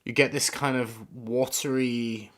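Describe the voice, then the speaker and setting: A man's voice: medium pitch, fairly even intonation, a little slow. A man giving casual, rambling first impressions of fragrances on a live stream, often searching for words. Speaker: fragrance reviewer.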